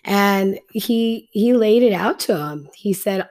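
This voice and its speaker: A woman's voice: mid-range voice, animated, slow, hardly any pauses, a little mellow. A woman teaching a Bible story in a casual, chatty way, retelling scripture in slangy everyday speech.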